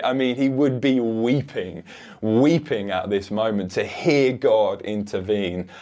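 Male preacher, lower pitch, earnest, emphatic sermon delivery.

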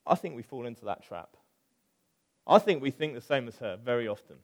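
A middle-aged man preaching a conversational sermon, animated, with asides. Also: medium pitch, brisk. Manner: animated, acts out quoted voices, conversational with asides.

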